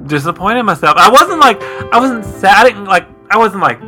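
Very bright-voiced playful male co-host. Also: high-pitched, expressive, faint music behind. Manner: playful, teasing, quick to laugh. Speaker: podcast co-host. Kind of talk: comedic podcast banter.

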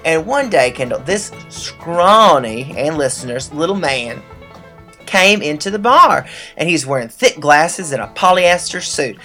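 A man's voice: a little high, sing-song, measured pace, pushed and bright, soft background music. A man co-hosting a comedy podcast, telling corny jokes with hammy, mock-sincere showmanship.

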